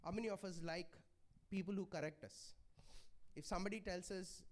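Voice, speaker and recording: A man's voice: sits high, steady tone, fairly quick. A man preaching a sermon in a church, pleading and conversational, often checking in with the congregation. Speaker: pastor.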